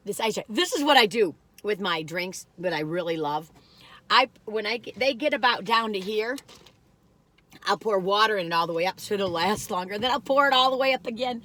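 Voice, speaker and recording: A woman's voice: mid-range voice, expressive, moderate pace, pushed and bright. A middle-aged woman chatting casually in a meandering, folksy way while reviewing food. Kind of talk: casual rambling chat.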